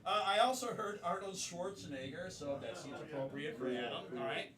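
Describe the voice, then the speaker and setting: A man hosting a live improv comedy show, energetic, laughing, calling out to the audience. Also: fairly high pitch, brisk, a crowd in the background. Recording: roomy stage sound from far off.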